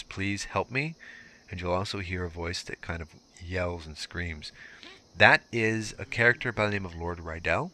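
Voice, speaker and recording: A man's voice: sits low, sharp tone, a little hiss or hum. A young man giving casual, explanatory walkthrough commentary over gameplay, with filler words as he goes. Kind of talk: let's play walkthrough commentary.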